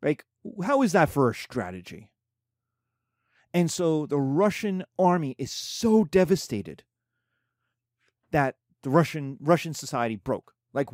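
A man teaching a history lesson in a conversational, animated way, often checking in with asides. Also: on the high side, dry recording, clean studio sound. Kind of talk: casual history lecture.

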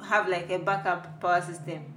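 A woman's voice: lowish voice, moderate pace. Sassy young woman, roomy echo. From Ghana. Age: young adult. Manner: playful, sassy, animated when joking. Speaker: podcast co-host. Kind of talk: casual chat.

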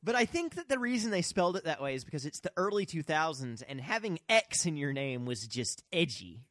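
A man's voice: a little high, sing-song, fairly quick, fairly bright tone, dry recording, clean studio sound. A man co-hosting a casual podcast chat, goofy and playful, often laughing as he talks. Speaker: podcast co-host.

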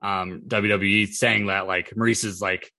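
A man talking casually on a wrestling podcast, stumbling through restarts and fillers. His voice is bright and forceful. The room sounds dry and close. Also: fairly low pitch, little pitch movement, dry recording. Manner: halting, filler-heavy, profane. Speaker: podcast co-host.

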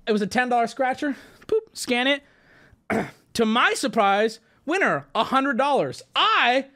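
A man tells a rambling story in a casual, profane way, voicing the other person as well as himself. His voice sits on the high side, and his pitch leaps up and down with animated energy. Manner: animated, profane, acts out both sides of the exchange. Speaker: streamer telling a story.

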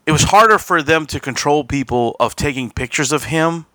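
A man's voice: a little high, normal speed, bright, forceful tone, no echo. A man hosting a podcast, telling a long casual story with frequent restarts and quoted asides. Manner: rambling anecdote with laughs and quoted asides. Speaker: podcast host.

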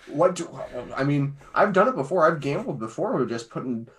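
A man chats about music in a loose, rambling way. His voice swings widely in pitch, and he keeps breaking off mid-sentence to restart his point. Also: lively intonation, a little fast, a bit bright. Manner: rambling, self-interrupting, jokey. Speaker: podcast co-host. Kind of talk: casual music review chat.

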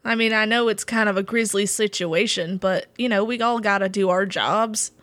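A woman voicing a big, gruff but friendly male park ranger in a tabletop game, in a relaxed, casual way. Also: medium pitch, moderate pace, no room sound, clean studio sound, natural voice. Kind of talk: tabletop role-play.

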